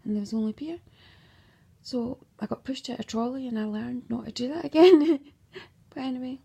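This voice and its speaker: A woman's voice: high voice, normal speed, creaky, slightly rough. A woman telling her own story in a rambling monologue, swearing freely and tagging her sentences with "right?" in a drifting, darkly humorous way. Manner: drifting, dark humour, breaks into laughter.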